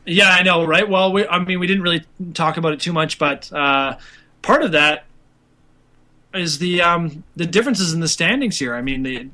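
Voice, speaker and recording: A man's voice: fairly high pitch, moderate pace, sharp tone. A young man co-hosting a casual hockey podcast, talking loosely with lots of fillers and laughter. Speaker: podcast co-host.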